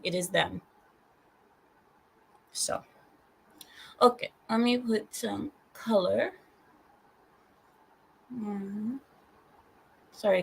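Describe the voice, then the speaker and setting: Woman, livestream host, casual home chat, deadpan mock-stern humor, medium pitch. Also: rough recording. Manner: chatty, apologetic asides. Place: guest room at home.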